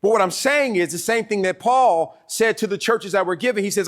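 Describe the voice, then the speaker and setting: Southern male pastor, higher-pitched voice, lively emphatic sermon delivery. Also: fairly quick. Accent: Southern American. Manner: animated preaching with laughs and emphatic repeats. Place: church sanctuary.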